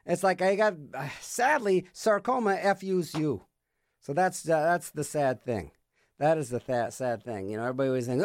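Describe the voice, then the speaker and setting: A man's voice: high voice, expressive, normal speed, dry recording. A middle-aged man hosting a radio music show in a studio, talking in a rambling, jokey, sarcastic way. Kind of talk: casual rambling radio chat. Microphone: studio microphone.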